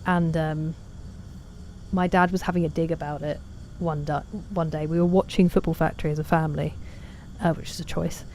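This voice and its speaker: Mellow-voiced woman streaming. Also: deep voice, level tone, normal speed, slight background noise. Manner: chatty, self-deprecating, reads out chat messages. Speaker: game streamer. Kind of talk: casual gaming stream chat.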